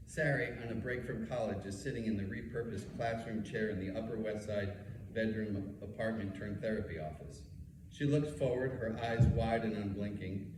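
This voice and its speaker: A man's voice: on the low side, moderate pace, background noise. A man in his fifties from New York City, a rabbi reading his memoir aloud with a wry storytelling delivery and asides. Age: 50s. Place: meeting room. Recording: echoey room, mic far off.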